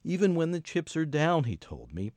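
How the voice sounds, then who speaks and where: A man reads scripted documentary narration in a measured, deliberate way. His pitch moves up and down a lot. The recording is dry and close, with no room sound. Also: wildly swooping pitch, darkish tone, no echo. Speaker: narrator and interviewer.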